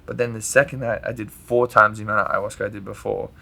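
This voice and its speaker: A podcast guest spins a rambling personal story in a bright, forceful, gravelly voice that's lowish and quick. Animated and laughing a lot, he swears freely and peppers his casual storytelling with "like."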